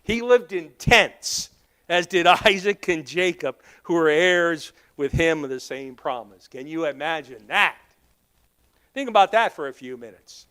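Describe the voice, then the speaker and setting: A pastor with a Southern accent preaching a sermon, telling stories and acting out the dialogue, teasing members of the congregation by name. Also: male voice, on the high side, expressive, a little slow, sharp tone, smooth. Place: church sanctuary.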